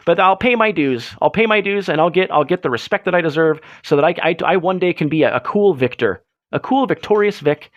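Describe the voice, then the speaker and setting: A man's voice: dry recording, muffled recording. Jokey, self-mocking man streaming. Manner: rambling, self-mocking, jokey, swings his pitch up and down a lot. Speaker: livestream host. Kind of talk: late-night solo livestream chat reading chat messages.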